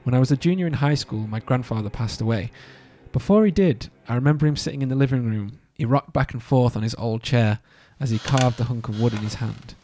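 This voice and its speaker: A man's voice: medium pitch, fairly quick, hardly any pauses, no room sound. A man hosting a podcast, reading a spooky story aloud with joking asides. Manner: animated, joking asides between narration. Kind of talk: casual storytelling read-aloud.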